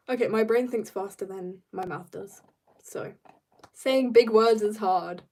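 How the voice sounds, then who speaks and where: British girl in her teens, rambling casual stream chat, quick giggly bursts, distant from the mic. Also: on the high side, fairly even intonation, darkish tone. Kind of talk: casual livestream chat while drawing. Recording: voice a bit off-mic.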